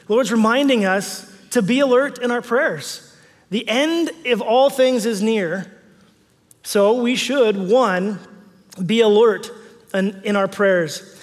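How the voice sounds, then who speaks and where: Male pastor, high voice, relaxed chatty preaching style that repeats its key lines, large echoing church. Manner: conversational, repeats key phrases for emphasis. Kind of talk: sermon.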